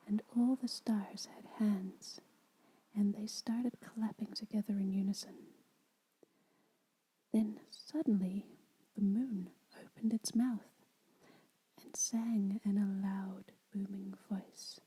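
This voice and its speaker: Slow breathy whispering woman. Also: mid-range voice, fairly even intonation, poor audio. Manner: soft, unhurried whisper. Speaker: ASMR storyteller. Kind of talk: whispered ASMR story reading.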